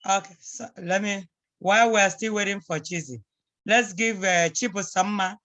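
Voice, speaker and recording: A woman's voice: mid-range voice, moderate pace, a bit bright. A woman teaching a language class over a video call, patiently repeating phrases for her students to copy. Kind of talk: online class instruction.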